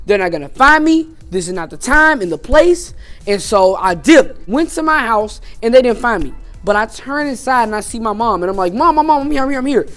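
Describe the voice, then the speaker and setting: A man's voice: high-pitched, a bit bright. A man telling a personal story on his vlog in a loose, casual way, dropping "man" and "you know" into nearly every sentence. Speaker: YouTuber.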